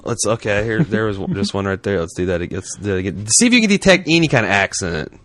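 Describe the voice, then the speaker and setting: A man's voice: fairly low pitch, very animated, quick pace, a bit bright, no room sound. A man co-hosting a casual podcast, joking around and reading an episode synopsis aloud. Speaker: podcast co-host.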